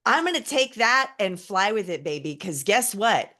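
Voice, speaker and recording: A woman hosting a spiritual conversation, talking in a slow, musing and affectionate way. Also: mid-range voice, big pitch swings, pushed and bright. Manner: slow, musing and affectionate, calls people baby. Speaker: host.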